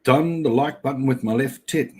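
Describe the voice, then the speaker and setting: A man's voice: medium pitch, moderate pace, mellow, slightly rough. A middle-aged Australian man hosting a casual livestream, reading chat and yarning in a laid-back way with blokey slang and frequent laughs.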